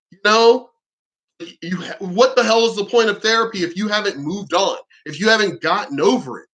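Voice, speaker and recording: A man's voice: high-pitched, a bit bright. A man ranting in unscripted commentary, blunt, profane and exasperated, rambling with frequent restarts. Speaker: vlogger.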